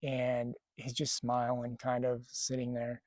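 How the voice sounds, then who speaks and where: A man casually telling a spiritual experience to camera outdoors, rambling and animated, acting out the dialogue as he goes. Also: medium pitch, unhurried, dry recording. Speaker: spiritual vlogger. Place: outdoors near a lake. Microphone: camera mic.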